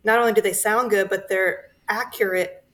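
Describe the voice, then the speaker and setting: A woman dietitian speaking as a guest in a clip, explaining things in a measured way with occasional fillers. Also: mid-range voice, fairly even intonation, fairly bright tone.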